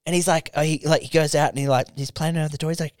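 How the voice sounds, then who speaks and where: Young male co-host, smooth clear voice, slightly high, dry close mic; rambling, sweary storyteller. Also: steady tone, racing, no echo. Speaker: podcast co-host. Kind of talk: casual podcast chat.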